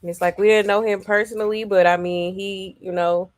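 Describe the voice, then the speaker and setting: A woman hosting a celebrity gossip livestream, chatting casually and filling pauses with "um" and "okay". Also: mid-range voice, fairly even intonation, dry recording, clean studio sound. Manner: loose and chatty, full of "um" and "okay" check-ins; reads viewer comments aloud. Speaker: celebrity gossip show host.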